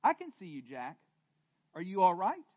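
A man voicing a calm, quiet voice of God. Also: high voice, moderate pace, dry recording, phone-quality sound, exaggerated voice. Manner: calm, quiet, gently firm.

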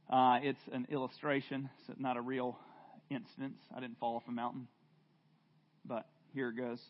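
A man preaching a sermon to a congregation in a church room, earnest and unhurried, stumbling into restarts now and then. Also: sits high, dull audio. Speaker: pastor.

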